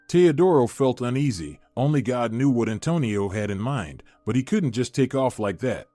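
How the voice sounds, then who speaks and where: Man narrating a story over soft music. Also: mid-range voice, expressive, normal speed, few pauses, no room sound. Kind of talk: scripted narration. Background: faint music.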